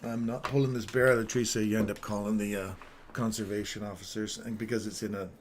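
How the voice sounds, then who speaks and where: A man's voice: fairly low pitch, level tone, fast, slight background noise. A man telling a rambling story on a live trading stream, chuckling between phrases.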